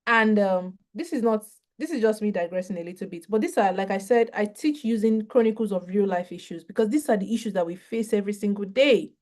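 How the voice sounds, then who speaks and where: A woman giving a mental health training session on a video call, talking in a lively, conversational way and acting out short dialogues. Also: medium pitch, fairly quick, hardly any pauses. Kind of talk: online training talk.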